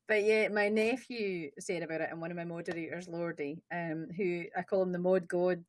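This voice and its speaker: A woman's voice: on the low side, normal speed, no room sound. A Scottish woman, a Twitch streamer, chatting as an interview guest, joking about herself and laughing often. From Scotland. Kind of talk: casual interview chat. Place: studio.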